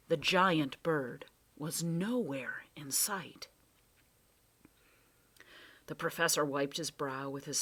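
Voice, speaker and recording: A woman reading a children's adventure book aloud with dramatic storytelling. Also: deep voice. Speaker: reader.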